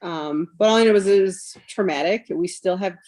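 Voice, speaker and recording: A woman's voice: mid-range voice, moderate pace, a little mellow. A woman in her thirties, a mother and podcast guest, retelling a painful personal story with lots of "like" and "um" and quoted dialogue. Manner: emotional retelling, quotes others, frequent fillers like "like" and "um".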